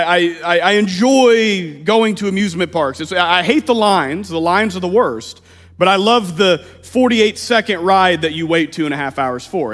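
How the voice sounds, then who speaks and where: Thirties male pastor from Missouri, bright high register, humorous sermon storyteller, recorded in a big echoing sanctuary. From Missouri, USA. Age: 30s. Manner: lively, humorous storytelling with playful asides. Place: church sanctuary. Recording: long reverb of a church hall.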